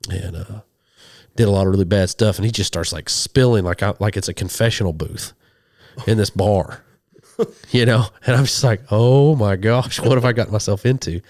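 Low-voiced man telling stories. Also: moderate pace, dry recording, studio quality. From western Oklahoma. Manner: animated, acts out quoted voices. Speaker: guest, hunting show host and minister. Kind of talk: casual storytelling.

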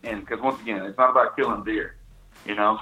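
A man's voice: fairly low pitch, steady tone, fairly quick, sharp tone. A man, casually telling a hunting story, full of restarts and "you know"s. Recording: tinny phone-like line.

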